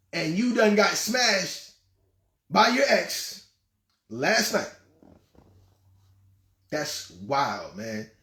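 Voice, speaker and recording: A man's voice: high voice, a bit bright, roomy sound. A man hosting his own show, giving relationship advice in a blunt, scolding and mocking way, often laughing at his own points. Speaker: host and life coach.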